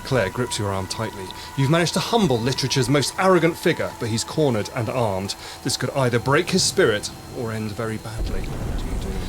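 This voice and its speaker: A man's voice: medium pitch, big pitch swings, brisk, hardly any pauses. A man acting as game master, narrating a tabletop game dramatically. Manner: dramatic, storytelling. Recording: noisy podcast recording.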